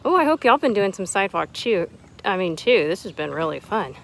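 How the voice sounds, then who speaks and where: Animated woman teaching preschoolers. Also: mid-range voice, fairly quick, creaky, poor audio. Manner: sing-song, animated, talks to children. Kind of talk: children's lesson to camera. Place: outdoors in a yard with a lawnmower nearby. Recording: outdoor noise, lawnmower behind.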